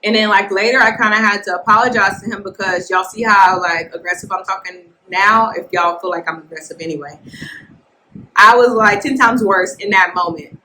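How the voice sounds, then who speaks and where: Woman podcast host, casual storytelling, blunt and animated, bright forceful voice. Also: mid-range voice, brisk, slight background noise, low-quality recording. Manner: animated, blunt, talks to listeners as y'all. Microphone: podcast mic, filmed for video.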